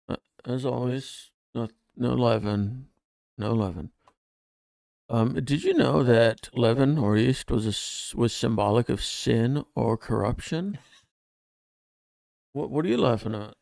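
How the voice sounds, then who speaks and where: Gravelly man asking wry questions. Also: mid-range voice, unhurried, darkish tone, no room sound. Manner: questioning, wry, reads verses aloud. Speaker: podcast co-host. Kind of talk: casual chat.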